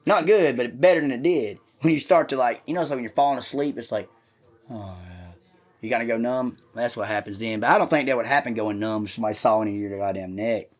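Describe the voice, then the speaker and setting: A man rambles through crude comic stories on a podcast, swearing freely. He drops into quick voices for the people in his tales. His voice sits at a middling pitch. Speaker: podcast co-host. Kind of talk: crude comedic storytelling.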